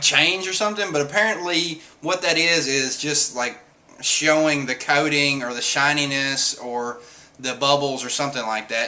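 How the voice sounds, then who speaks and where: A man's voice: medium pitch, sharp tone. A man, casually reviewing a comic chapter in a rambling, filler-heavy way. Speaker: manga reviewer.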